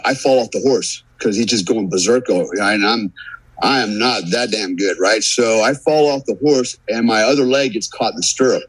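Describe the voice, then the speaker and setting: An American man appearing as a podcast guest acts out the quotes in a long, profane, animated story during a relaxed chat. His voice is lowish and husky, with no echo, though the audio is poor.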